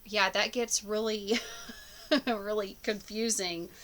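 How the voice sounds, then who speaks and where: A woman's voice: medium pitch, fairly even intonation, slow, fairly bright tone, slight background noise. A woman talking casually to camera about her dreams, rambling with many fillers and restarts. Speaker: spiritual vlogger. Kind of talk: casual personal monologue.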